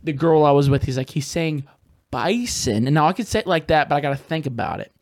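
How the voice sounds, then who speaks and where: A man's voice: a little high, fast talker, darkish tone, dry recording, clean studio sound. A man co-hosting a podcast, telling stories in a joking, profane way. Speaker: podcast co-host. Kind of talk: casual chat.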